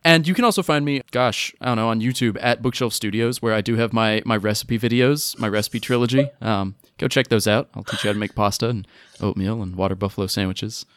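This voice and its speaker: A man's voice: fairly low pitch, fairly quick, fairly bright tone, no echo. A man chatting casually as a guest on a podcast, laughing often and telling things with animation.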